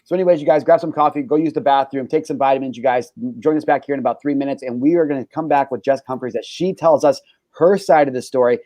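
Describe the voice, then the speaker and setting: A man's voice: medium pitch, quick pace, no echo. A man hosting a casual talk show, telling a wild story with lots of swearing and energy. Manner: animated storytelling, heavy swearing. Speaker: host. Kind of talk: casual chat.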